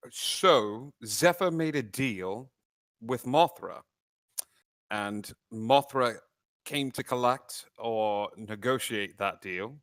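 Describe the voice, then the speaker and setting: A man's voice: on the low side, fairly bright tone, smooth, no echo. A man playing a tabletop game, talking through plans with many hesitations. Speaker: player. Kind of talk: casual tabletop play.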